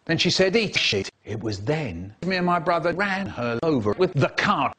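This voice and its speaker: A man telling a story with animated, theatrical delivery, acting out quoted characters with sudden high squeals and hushed drops, cut into a comedy remix. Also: moderate pace, slightly rough.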